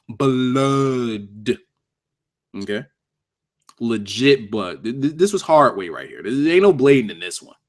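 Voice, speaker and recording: A man talking loosely on his own livestream, reviewing a wrestling show. His pitch jumps around a lot as he rants, swears and cracks himself up. It sounds like off-the-cuff chat with his viewers. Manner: animated, profane, laughing, joking with chat.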